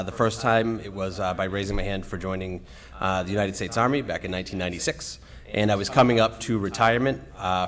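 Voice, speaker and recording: A middle-aged man with a low voice answers a question at a candidates forum. He speaks haltingly and fills the pauses with uhs. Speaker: school committee candidate.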